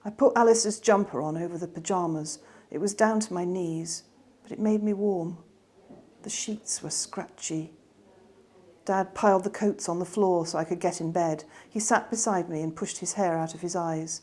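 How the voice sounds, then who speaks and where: A woman reading her children's novel aloud in a gentle, expressive way. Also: lowish voice, a little slow. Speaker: author reading her book.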